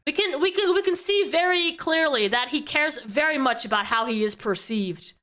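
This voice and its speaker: A woman with a high, bright voice talks through her views in casual commentary. She keeps a chatty flow and checks in with her listeners by tagging questions onto her points. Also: moderate pace. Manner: talkative, tag questions like "right?". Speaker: streamer reacting to clips.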